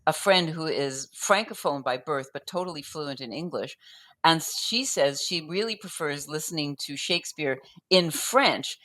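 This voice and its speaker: A woman guest explaining poetry in relaxed conversation, thinking aloud with frequent restarts and sounding out rhythms as da-dum. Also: sits low, moderate pace. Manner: thoughtful, with frequent restarts and fillers.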